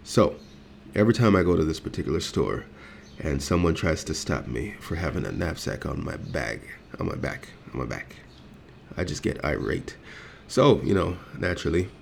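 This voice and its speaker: Very deep, gravelly-voiced man with a swaggering, foul-mouthed storyteller delivery. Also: very animated, normal speed, slight background noise. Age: adult. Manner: heated, profane, swaggering, acting out dialogue. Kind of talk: profane storytelling rant.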